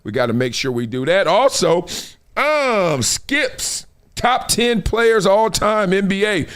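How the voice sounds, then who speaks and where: Lively, animated male sports-show host. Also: high-pitched, slow, smooth. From Compton, California. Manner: animated, playful, slangy, laughs often. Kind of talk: casual live-stream sports talk.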